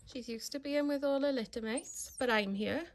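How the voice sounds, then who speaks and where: A woman dog breeder in a casual home vlog, talking in a calm, steady, instructive way from her living room. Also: sits high, normal speed, slight background noise.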